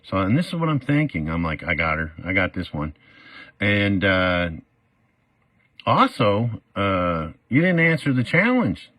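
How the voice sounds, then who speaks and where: A man's voice: fairly low pitch, very animated, a little slow, bright, forceful tone, dry recording. A middle-aged man telling his own story in a casual, rambling way, full of fillers and acted-out quotes. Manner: rambling, many "uh" fillers, acts out quoted voices.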